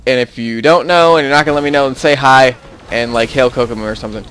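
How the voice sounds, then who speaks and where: Young male gaming YouTuber, scattered chatty commentary over gameplay, average pitch, faint background noise. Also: fairly even intonation, fast, fairly bright tone. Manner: rambling, easily sidetracked, chuckling often.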